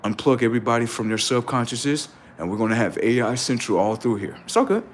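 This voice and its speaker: Animated, profane man ranting on a livestream. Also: medium pitch, fast, a little hiss or hum. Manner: animated, profane, preachy, rising to shouts. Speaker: livestream host. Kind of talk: unscripted livestream rant.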